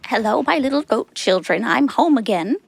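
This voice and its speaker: A woman voicing a caring goat mother in a children's audio story, gently warning her kids about the rules. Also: on the high side, animated, moderate pace, gravelly, slight background noise.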